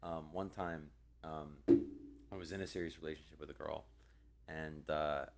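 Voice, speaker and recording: A man's voice: a bass voice, level tone, moderate pace, gravelly, loud music behind the voice. A young man co-hosting a podcast, telling a story in a rambling casual way with many ums and restarts. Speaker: podcast co-host.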